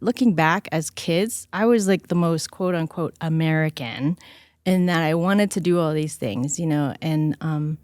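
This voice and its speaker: Expressive woman guest telling stories. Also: low-pitched, a little slow, dry recording, studio quality. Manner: animated, acts out quoted voices. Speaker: interview guest. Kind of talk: conversational storytelling.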